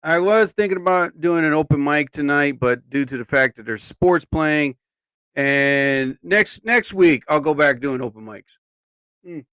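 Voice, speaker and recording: A man's voice: on the high side, unhurried, fairly bright tone, smooth, dry recording. Rambling man hosting a casual live show. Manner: rambling, keeps exclaiming. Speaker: host. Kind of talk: casual livestream chat.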